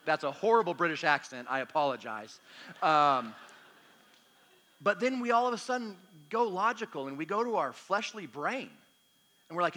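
A man's voice: high voice, animated, moderate pace, sharp tone. A man preaching a storytelling sermon in a chatty, self-deprecating, humorous way, acting out bits of dialogue. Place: church meeting hall. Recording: long hall reverb.

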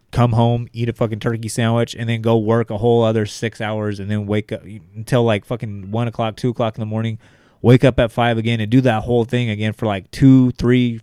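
A man's voice: lowish voice, darkish tone, clean tone, no echo, studio quality. A man co-hosting a podcast, talking in a laid-back, rambling way with plenty of swearing. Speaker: podcast co-host. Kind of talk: casual chat.

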